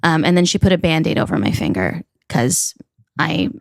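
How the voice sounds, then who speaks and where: A woman guest on a podcast, casually telling a childhood story in a lively way, full of "like" fillers. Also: low-pitched, normal speed, creaky. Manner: animated, filler-heavy storytelling with frequent "like".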